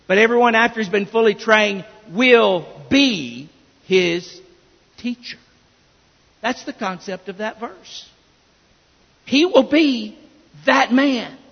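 A man's voice: high-pitched, measured pace, vocal fry. A male pastor delivering an emphatic sermon, often restarting his phrases as he builds each point. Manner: emphatic preaching with repeated restarts. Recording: dull reverberant church recording.

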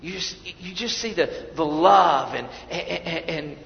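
A male pastor preaching a sermon, swinging between soft, hushed lines and loud emphatic ones and often repeating words as he restarts. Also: fairly high pitch, takes it slowly, creaky. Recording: echoey hall, dull lo-fi sound.

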